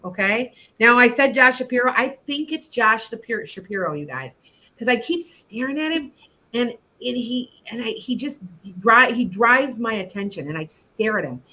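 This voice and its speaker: A middle-aged woman with a slightly high, animated voice chats on her internet radio show about psychic predictions. Her moderate pace and bright, forceful tone accompany frequent rambling and laughter.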